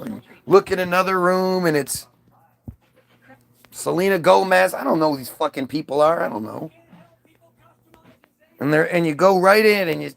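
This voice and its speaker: A man telling a swearing, animated story, acting out the lines of the people in it. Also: sits high, creaky, no echo. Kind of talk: profane anecdote with acted-out voices.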